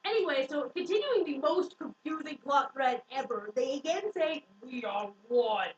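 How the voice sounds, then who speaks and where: A woman's voice: high voice, animated, moderate pace, slight background noise. A young woman casually recapping a book, swearing freely, saying "like" constantly and acting out the quotes. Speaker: book reviewer. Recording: dull, echoey room from a distant mic.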